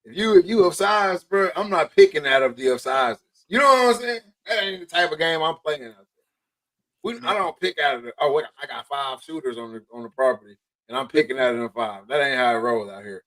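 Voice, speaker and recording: A man's voice: mid-range voice, fairly quick, a bit bright. A man, talking hunting in slangy, emphatic casual chat as a podcast co-host.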